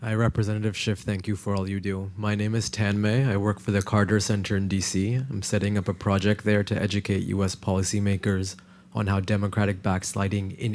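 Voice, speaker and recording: Man, audience question, very low voice, flat delivery, faint room noise. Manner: steady, prepared phrasing. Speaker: audience member asking a question. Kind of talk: formal question from the floor.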